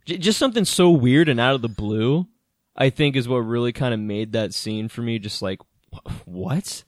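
A man talks through a movie scene by scene in loose, animated podcast chat, swearing freely and breaking into laughs. His voice sits at an ordinary pitch and is recorded close and dry, with no room sound around it. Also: brisk, no echo. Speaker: podcast co-host. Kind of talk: casual movie recap chat.

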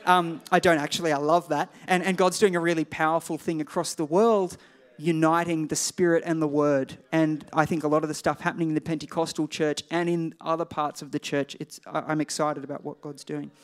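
A man with a high-pitched voice delivers a sermon. He keeps it conversational, slipping into offhand digressions and jokes at his own expense. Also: level tone, brisk. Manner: conversational, digressive, self-deprecating asides. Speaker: pastor.

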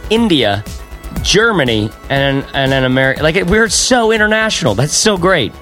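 Rambling podcast co-host, faint music. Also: male voice, fairly high pitch, very animated, normal speed, fairly bright tone. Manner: rambling, lots of fillers and restarts. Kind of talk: casual podcast chat and outro.

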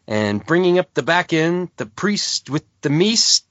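A man's voice: on the high side, sing-song, measured pace, a bit bright, no room sound. Guy doing a goofy fake radio intro, dry close sound, bit muffled. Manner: jokey, announcer-style patter. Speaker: podcast host. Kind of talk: mock radio show intro.

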